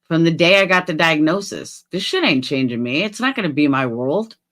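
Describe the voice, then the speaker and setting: Blunt, bright-voiced woman streamer. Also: fairly quick. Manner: blunt, swears freely, swings from low mutters to loud outbursts. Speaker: livestream host. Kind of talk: casual livestream chat reading viewer comments.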